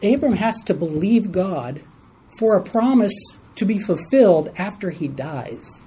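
A man's voice: sits high, expressive, measured pace, mellow, slightly rough, rough recording. A man leading a Bible study lesson for a small group in a room, stressing key words and asking the group questions.

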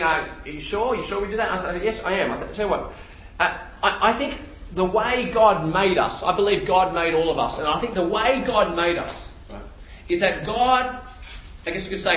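Preacher, man in his thirties, high and energetic, storytelling with repeats, roomy slightly dull hall sound. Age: 30s. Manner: animated storytelling, repeats phrases, shouts impressions. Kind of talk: sermon.

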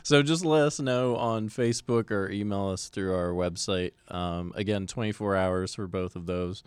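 A man's voice: low voice, moderate pace, smooth, dry recording. A man co-hosting the show, talking casually and hesitantly with many fillers. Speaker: co-host. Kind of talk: casual chat.

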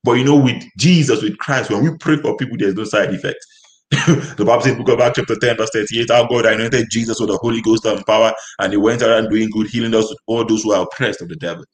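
A man's voice: on the low side, fairly even intonation, fast talker, rough recording. A man preaching a sermon, speaking in emphatic, repetitive declarations.

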